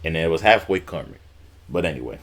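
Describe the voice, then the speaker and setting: Low-voiced man, casual rambling wrestling recap, fillers and swearing. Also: expressive, fast talker, a bit bright. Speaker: wrestling YouTuber.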